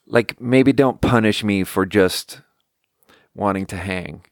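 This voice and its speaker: A man's voice: on the low side, slow, no echo, studio quality. A man hosting his own podcast solo, rambling casually and self-deprecatingly, often breaking into laughter. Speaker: podcast host.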